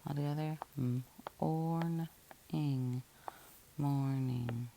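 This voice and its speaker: A woman's voice: deep voice, slow pace, vocal fry, mellow, a little hiss or hum. A woman teacher giving a patient, methodical phonics lesson, breaking words into syllables and spelling them out letter by letter.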